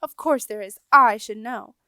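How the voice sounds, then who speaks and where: A woman's voice: fairly high pitch, normal speed, sharp tone, dry recording. A woman voicing a young royal girl who is insistent and stern.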